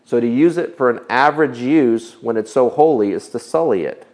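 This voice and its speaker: A man's voice: medium pitch, normal speed, darkish tone. A man preaching a sermon, earnest and emphatic, asking his listeners rhetorical questions. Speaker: pastor.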